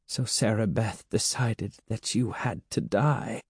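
A man's voice: fairly low pitch, takes it slowly, husky, no echo, studio quality, heavily acted. A man reading a storybook and voicing a frightened, remorseful middle-aged woman held as a servant, who talks in a sorrowful, pleading way. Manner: pleading, sorrowful, then defiant.

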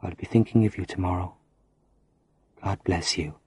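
A man's voice: low-pitched, normal speed, mellow, slightly rough. A man reading a farewell letter as a condemned male prisoner, grave and resigned.

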